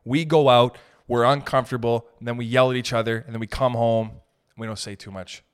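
Speaking a little fast with a clean tone, medium pitch and fairly even intonation, a thirtysomething man delivers a solo comedic podcast rant. He's exasperated and profane, rambling and constantly restarting.

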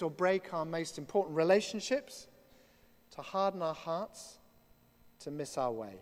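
A man's voice: on the high side, darkish tone. A man preaching a sermon in a church, conversational and given to humorous asides. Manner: conversational, self-deprecating asides. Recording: long reverb of a church hall.

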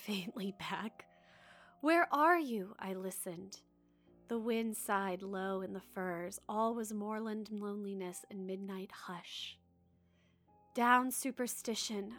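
A woman reads a classic novel aloud with feeling, rising for the cried lines and dropping to a hush for the quiet ones. Her voice sits in a middle register. Faint music runs underneath. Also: medium pitch. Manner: dramatic reader, voices quoted cries and drops to hushed asides. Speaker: podcast co-host. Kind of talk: expressive reading of a novel passage, then casual chat.

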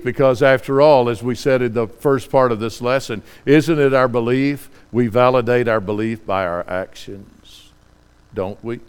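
A middle-aged man preaching a sermon, reading scripture quietly and then building to fervent, pleading questions. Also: mid-range voice, smooth.

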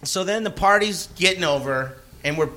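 A man's voice: high voice, moderate pace. A man, a podcast host, telling a story in casual chat, acting out voices with lots of swearing and laughter. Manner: animated, acts out voices, frequent swearing and laughing.

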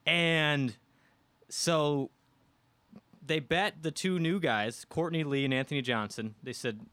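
A man from the American Midwest, with a slightly high, clean voice and no room sound, speaks slowly. As a guest storyteller on a podcast, he tells a casual anecdote in an animated way, acting out quotes from the people in it.

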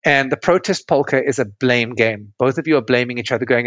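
A man's voice: mid-range voice, brisk, fairly bright tone, dry recording. A man working as a relationship coach, guest on a video call, explaining through stories and acting out the dialogue. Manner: acts out quoted dialogue in his stories. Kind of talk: explanatory storytelling.

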